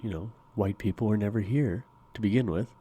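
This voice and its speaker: A man with a somewhat low voice co-hosts a podcast in a casual chat. He jokes around, swears bluntly and speaks his mind. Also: fairly quick, dark tone, breathy edge, dry recording. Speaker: podcast co-host.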